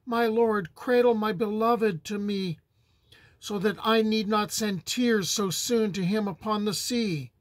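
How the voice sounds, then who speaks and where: A young princess cries out from the ramparts in a mournful storybook reading, with a man giving her voice. Her calls are slow and pleading, set fairly high. The sound is close and dry. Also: no echo. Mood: mournful plea. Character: young princess lamenting her wounded husband.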